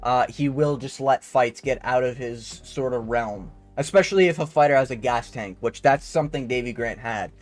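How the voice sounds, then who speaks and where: A man's voice: mid-range voice, moderate pace, few pauses, soft background music. A young man giving a casual, profane, slang-heavy fight breakdown. He rambles and keeps tagging his points with "okay?". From Canada. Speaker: MMA fight analyst.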